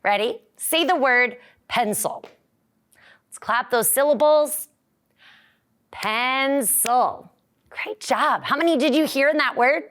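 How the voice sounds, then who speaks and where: A woman teaching young children at an unhurried pace, with a fairly high voice. She sings short rhymes and praises the class in a bright, encouraging, sing-song way.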